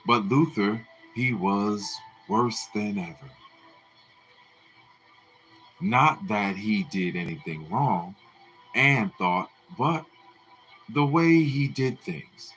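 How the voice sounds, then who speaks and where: Slow, expressive male book narrator. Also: lowish voice, soft background music, poor audio. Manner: expressive, deliberate storytelling. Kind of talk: live book reading.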